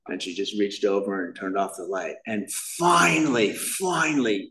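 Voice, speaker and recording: A man's voice: fairly low pitch, animated, normal speed, few pauses, a bit bright, far from the mic, rough recording. A man speaking at a recovery meeting, telling his personal story in a casual, self-deprecating way, sprinkled with "man" and "you know". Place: meeting room.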